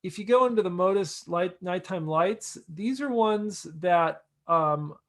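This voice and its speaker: A man leading a project kickoff, talking through a screen share in a casual, halting way with many fillers and restarts. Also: high-pitched, expressive, a bit bright. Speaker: project lead.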